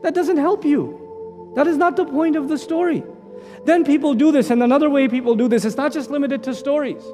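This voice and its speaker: High, fast-talking male lecturer. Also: big-room sound, soft background music. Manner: animated, rhetorical questions, teasing. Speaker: Islamic lecturer. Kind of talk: religious lecture.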